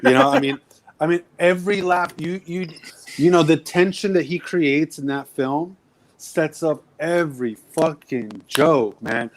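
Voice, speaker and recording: Man, podcast co-host, casual chat, slightly high voice, animated, swears a lot, acts out movie lines. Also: unhurried.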